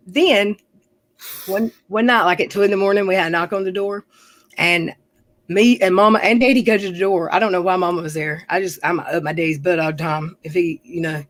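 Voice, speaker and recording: A woman's voice: fairly low pitch, steady tone, moderate pace, fairly bright tone, dry recording, low-quality recording. Woman livestream host, casual storyteller, chatty and rambling, dry close sound. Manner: rambling, self-correcting, chatty.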